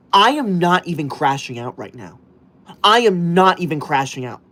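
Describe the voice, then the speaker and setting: In the persona of a stern teacher, a livestreaming man reads out viewer comments in a loud, indignant, bossy way, his voice sitting high.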